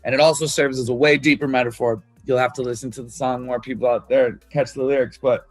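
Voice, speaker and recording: A man's voice: medium pitch, flat delivery, fast, no room sound, soft background music. A man talking about writing his album, loose and candid, swearing freely and full of fillers. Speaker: musician discussing his album. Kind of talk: casual talk about songwriting.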